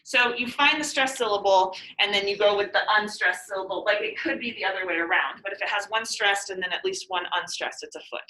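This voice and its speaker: A woman's voice: medium pitch, brisk, hardly any pauses, sharp tone, slight background noise. A woman teaching a poetry lesson in a classroom, patiently explaining and repeating definitions. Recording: echoey room, mic far off.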